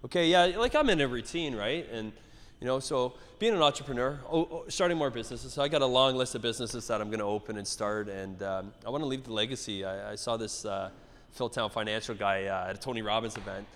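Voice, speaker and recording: A middle-aged Canadian gym owner talks fast in a medium-pitched voice during a casual interview. His storytelling is animated and profane, rambling with many restarts, and the recording carries echoey hall reverb.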